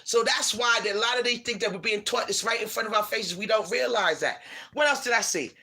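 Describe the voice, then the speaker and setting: Casting: high, bright-toned man, heated profane preachy vlog rant to camera on a phone. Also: a little fast, breathy edge. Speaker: vlogger. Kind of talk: casual rant to viewers.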